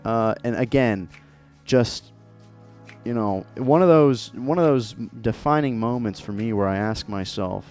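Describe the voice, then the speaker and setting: A playful man hosts a casual livestream and riffs with callers as he draws. His pitch swings a lot, and faint music plays behind him. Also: a little slow, clear, resonant tone. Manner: playful, animated, riffing. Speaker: streamer host.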